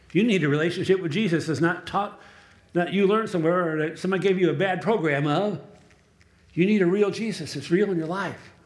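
Man preaching a sermon in an echoey church. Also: fairly high pitch. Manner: conversational storytelling, asks the room for amens. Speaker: pastor and chaplain.

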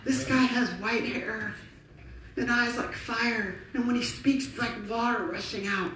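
Passionate woman preacher, animated storytelling, recorded from afar with faint background noise. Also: a little high, a little slow. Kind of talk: sermon. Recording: echoey hall from far off.

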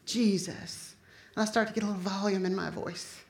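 A woman preaching a sermon, impassioned and building to forceful declarations. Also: medium pitch, steady tone, a little fast, reverberant.

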